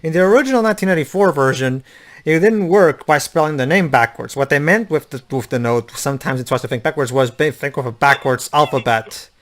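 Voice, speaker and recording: A man's voice: fairly high pitch, fairly quick. A man playing a video game and chatting with friends, rambling through trivia with many restarts. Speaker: game player and commentator. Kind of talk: let's play commentary chat.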